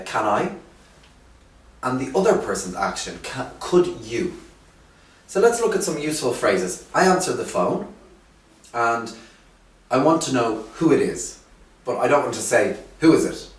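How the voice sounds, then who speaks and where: A man teaching an English lesson, speaking slowly and clearly with emphasis on key phrases. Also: mid-range voice, sing-song, recorded from a distance. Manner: slow, clear, drawn-out teaching with rising emphasis. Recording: roomy echo, voice from off the mic.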